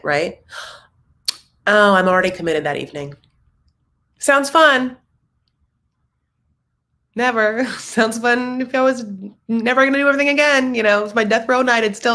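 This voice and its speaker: Animated, jokey woman hosting a live recap. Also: mid-range voice. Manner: animated, jokey, lots of fillers and playful put-on voices; self-mocking, laughs at her own jokes. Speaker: host of a reality show recap livestream. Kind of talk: casual livestream chat.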